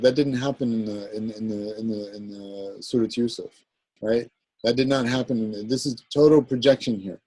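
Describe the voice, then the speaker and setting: A man's voice: mid-range voice, a little mellow, no room sound, low-quality recording. A man teaching an Arabic grammar class, explaining step by step and often checking with the class. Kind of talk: classroom lecture.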